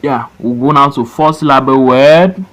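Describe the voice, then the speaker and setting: A man teaching an English phonics lesson, reading words slowly syllable by syllable for students to repeat. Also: mid-range voice, fairly bright tone. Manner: slow and deliberate, stretching words out syllable by syllable.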